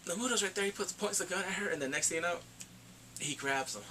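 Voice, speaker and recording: A man giving a casual spoken movie review, retelling the plot excitedly and acting out the characters' lines. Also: high-pitched, fast, a little hiss or hum.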